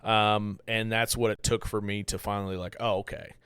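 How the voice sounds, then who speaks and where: A man's voice: fairly low pitch, level tone, normal speed, a bit bright, smooth, dry recording. A man hosting a podcast, talking candidly and a bit rambly about handling anger, swearing freely in casual chat. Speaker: podcast host. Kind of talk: casual self-reflective talk.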